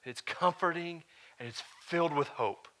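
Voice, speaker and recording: A male pastor delivering a sermon in a bright, forceful voice. He swings between loud, emphatic declarations and quieter, earnest teaching, checking in with the congregation as he goes. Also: a little high, moderate pace.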